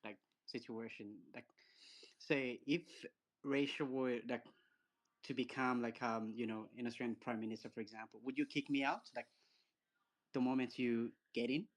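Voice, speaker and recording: A man's voice: mid-range voice, steady tone, normal speed. A man from Africa talking in a group voice chat, hesitant and full of fillers. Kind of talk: casual chat.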